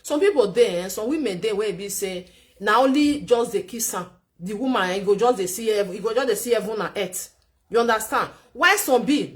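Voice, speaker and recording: Woman vlogger, Nigerian Pidgin accent, fairly high voice, preachy chatty advice delivery. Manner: chatty, lecturing, repeats herself for emphasis. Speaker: vlogger giving relationship advice. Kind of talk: casual commentary.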